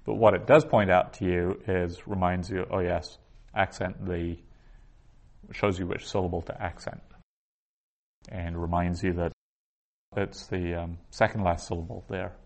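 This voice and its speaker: A man teaching a classroom lesson, patiently explaining and slowly sounding out Hebrew words. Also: sits low, flat delivery, gravelly. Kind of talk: classroom lecture.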